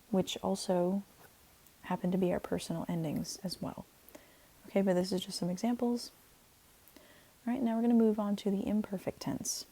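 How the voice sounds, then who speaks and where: Slow, gravelly teacher woman. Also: medium pitch, warm tone, poor audio. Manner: chatty, repeats "okay" and leads chants. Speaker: Latin teacher. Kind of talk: recorded online lesson.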